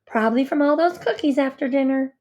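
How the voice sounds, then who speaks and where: A gentle, kind young girl cousin who asks soft, worried questions, as a woman reader voices her. The voice is high and light. She sounds caring and easygoing. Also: fairly quick, highs cut off, close to an everyday voice. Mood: covering.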